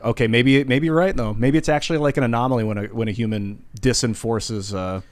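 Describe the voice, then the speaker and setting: A man's voice: mid-range voice, a little fast, dry recording. A man co-hosting a casual podcast discussion in an easygoing, agreeable way. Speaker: podcast co-host.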